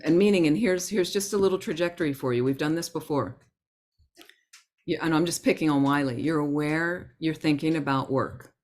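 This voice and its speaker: Woman, Buddhist teacher, Dharma talk, low voice, gentle conversational manner. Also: moderate pace. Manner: conversational, gentle, acts out inner thoughts.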